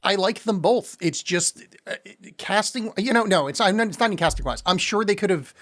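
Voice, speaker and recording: Sardonic higher-voiced man reviewing a film. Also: a bit bright. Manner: halting, many restarts, sardonic. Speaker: podcast co-host. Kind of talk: casual film review chat.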